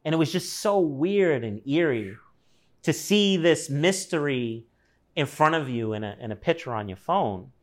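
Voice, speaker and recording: A man's voice: on the high side, animated, a little slow. Man telling a story, acting out voices. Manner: acts out quoted voices, swears casually. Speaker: guest telling a personal story. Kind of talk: casual storytelling.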